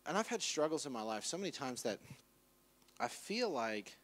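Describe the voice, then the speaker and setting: A man's voice: mid-range voice, sing-song, normal speed. A man preaching a conversational sermon in church, casually acting out quoted voices. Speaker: pastor.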